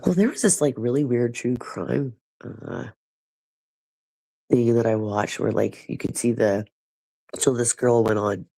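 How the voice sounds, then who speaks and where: A man's voice: mid-range voice, unhurried, gravelly, pauses often, warm tone, poor audio. A man chatting casually with his livestream viewers, rambling and profane, with a stuffy nose.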